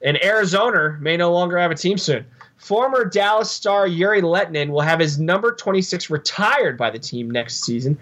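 A man's voice: sits high, animated, normal speed, a bit bright, lo-fi sound. A man co-hosting a podcast, running through hockey news with sarcastic, wry asides. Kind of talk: casual news rundown with jokes.

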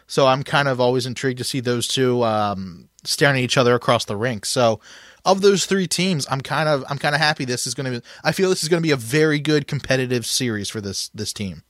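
A man's voice: medium pitch, fairly quick, fairly bright tone, no echo, studio quality. Chatty man hosting a sports podcast. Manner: conversational, leads questions with restarts. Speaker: podcast host. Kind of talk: casual sports chat.

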